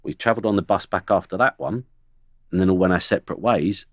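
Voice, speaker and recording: A middle-aged former footballer talks fast in a low voice on a studio podcast, bluntly recounting stories about his teammates and mimicking them. The recording is dry, with no room sound.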